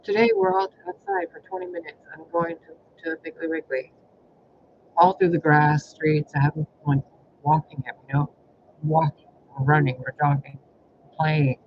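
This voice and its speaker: A man's voice: a little high, lively intonation, normal speed, vocal fry. A man telling rambling personal stories in a casual vlog, exasperated and heavy on profanity. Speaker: spiritual reader recounting personal life. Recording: dull lo-fi audio with faint hiss.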